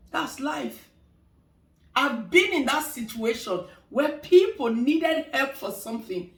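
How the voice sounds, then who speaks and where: A woman's voice: high-pitched, expressive, slow pace, reverberant, distant mic. A middle-aged woman giving life advice in a casual talk, emphatic and preachy, repeating phrases for stress. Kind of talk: casual motivational talk to camera.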